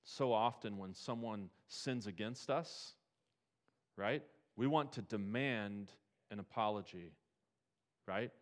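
A man preaching a sermon in a conversational way, asking the congregation rhetorical questions and building to emphatic high points. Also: slow pace. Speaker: pastor.

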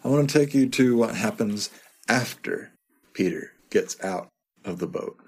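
A man with a lowish voice preaching a sermon to his congregation. He speaks conversationally, stumbles into repeated words, and now and then chuckles at the story he's telling. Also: lively intonation, a little slow, vocal fry, husky. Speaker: pastor.

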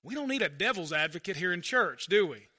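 A man preaching a sermon in a chatty, conversational way, leaning hard on some phrases and dropping low for asides. His voice sits high for a man. It has a very bright, cutting edge. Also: very animated, a little fast. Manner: conversational preaching, swinging between loud emphasis and quiet asides. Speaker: pastor.

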